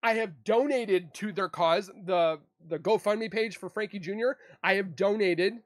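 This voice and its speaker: This man, a true crime YouTuber, talks to camera at a measured pace in a high voice, emotional and upset. His defensive monologue rambles and repeats, recorded dry with clean studio sound.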